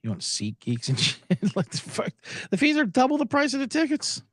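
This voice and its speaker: Animated, sarcastic podcast host man. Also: extremely high pitch, moderate pace, background noise. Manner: animated, sarcastic, swears a lot. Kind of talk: profane sports betting rant.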